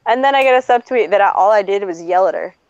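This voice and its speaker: A woman who hosts a stream tells a story in casual chat, blunt and profane, laughing often as she talks. She speaks fast in a medium-pitched, slightly mellow voice with lively intonation. The recording is dull, lo-fi, and dry, with no room sound.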